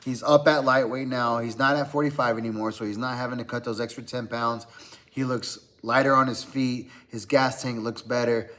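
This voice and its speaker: A man's voice: medium pitch, flat delivery, normal speed, a bit bright. Laid-back man talking fight picks. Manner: loose and conversational, lots of "man" and "uh". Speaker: podcast host. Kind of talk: casual fight-pick chat. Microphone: podcast mic.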